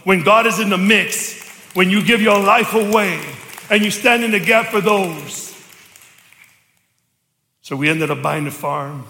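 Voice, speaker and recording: Animated man preaching in an echoey church. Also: sits high, measured pace, pauses often, a little hiss or hum. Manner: animated storytelling, acting out dialogue, shouting for emphasis. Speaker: pastor. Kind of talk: storytelling sermon. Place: church sanctuary.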